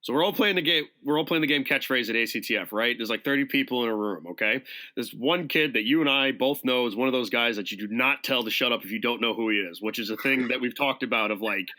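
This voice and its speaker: A man, a podcast guest, telling a rowdy story in casual chat, animated and profane, acting out the quotes. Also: mid-range voice, quick pace.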